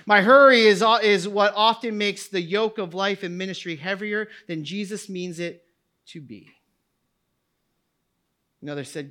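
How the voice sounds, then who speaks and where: A man preaching a sermon to a church congregation, moving between quiet reflective passages and loud, shouted climaxes. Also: fairly high pitch, clean tone. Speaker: pastor. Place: church sanctuary.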